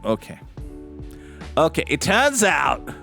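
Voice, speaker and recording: A man's voice: on the high side, wildly swooping pitch, takes it slowly, vocal fry, bright, forceful tone, faint music behind. A man hosting a gaming channel, rambling through casual let's-play commentary with jokes and mock-outraged swearing.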